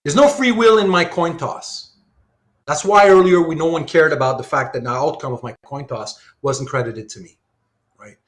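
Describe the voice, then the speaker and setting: His voice a little high and his pace normal, a man lectures on philosophy live online, drawing diagrams while reasoning aloud through plenty of rhetorical questions.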